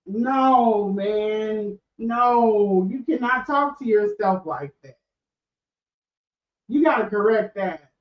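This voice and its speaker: A woman's voice: medium pitch, takes it slowly, far from the mic. A middle-aged woman who hosts a podcast, talking candidly and casually with frequent restarts. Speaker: podcast host. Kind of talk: casual livestream talk. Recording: echoey room, off-mic, dull sound.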